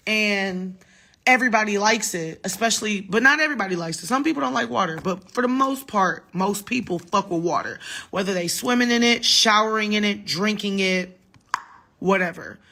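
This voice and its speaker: A tipsy woman in her thirties talks into her phone late at night, rambling and swearing with emphatic punch. Her pitch sits mid-range for a woman, loose and chatty. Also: normal speed, sharp tone. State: a little drunk. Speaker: singer livestreaming to fans. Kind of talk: casual late-night livestream chat. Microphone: phone livestream.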